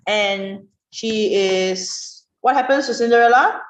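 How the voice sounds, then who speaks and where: A woman teaching an online writing class, questioning students and praising their answers in a lively way. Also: mid-range voice, slow. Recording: roomy, dull online class audio.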